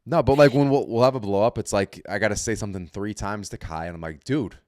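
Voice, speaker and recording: A man's voice: on the low side, fast, a little mellow, dry recording, clean studio sound. A man co-hosting a podcast, chatting bluntly and teasing the others. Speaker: podcast co-host. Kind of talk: casual chat.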